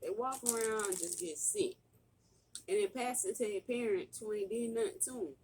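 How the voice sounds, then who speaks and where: A woman's voice: on the high side, moderate pace, a little mellow, slightly rough. A woman vlogger chatting casually to her viewers at home during a mukbang, dramatic and joking. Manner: dramatic, pleading to the Lord in a sing-song wail. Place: indoors at home.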